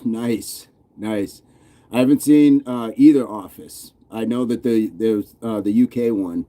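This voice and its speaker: A man's voice: on the low side, unhurried, dark tone. An American man casually hosting a live stream, reading viewer comments aloud in a loose, playful way with frequent chuckles. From United States. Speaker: fitness channel host reading live chat.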